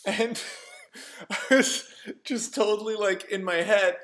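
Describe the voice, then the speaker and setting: High-voiced man rambling through a funny story. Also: fairly even intonation, slow, a bit bright. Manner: rambling, filler-heavy, breaks into laughter. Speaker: vlogger. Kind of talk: casual storytelling to camera.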